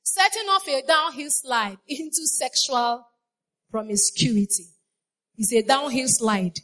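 In a high, slow voice that's a bit bright, a woman delivers a sermon. She repeats phrases and engages in call-and-response by questioning the congregation.

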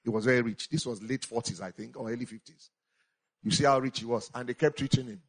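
A man preaching a sermon as a pastor, animated, swinging between loud exclamations and quiet asides. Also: medium pitch, quick pace.

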